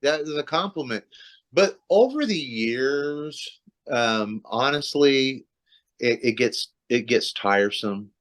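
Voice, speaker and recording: A man with a medium-pitched, expressive, slightly bright voice speaks slowly. He's a metal vocalist appearing as a guest on a casual video-call interview, talking loosely about his career with many restarts and fillers.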